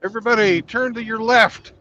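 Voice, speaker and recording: High bright man on a dull line. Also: steady tone, brisk. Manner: joking, teasing. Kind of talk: casual chat.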